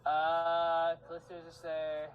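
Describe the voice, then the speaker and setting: A man's voice: on the high side, takes it slowly, lo-fi sound. A young man from Wisconsin, casual and profane, narrating as game master of a tabletop game. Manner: casual, swearing, lively.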